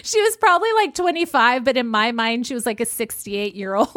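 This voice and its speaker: A woman in her forties co-hosting a podcast, telling a story in an animated way and laughing often. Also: a little high, unhurried, no room sound, clean studio sound. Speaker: podcast co-host. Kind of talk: casual chat.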